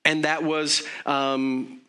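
Bright-voiced man preaching slowly. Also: fairly high pitch, level tone, smooth. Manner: conversational, joking asides, frequent fillers. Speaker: pastor. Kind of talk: sermon.

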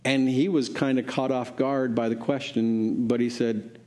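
A man's voice: little pitch movement, measured pace, a little mellow. A man preaching, telling a story in a sermon and acting out the voices of the people in it. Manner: acts out quoted voices, pitch rising for characters.

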